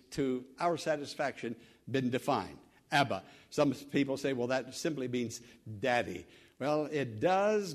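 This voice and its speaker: A male pastor preaching with an earnest, lively voice that climbs and falls a lot, sitting a touch above the usual male pitch. He swells loud, then sinks to a near hush, with halting restarts along the way. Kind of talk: sermon.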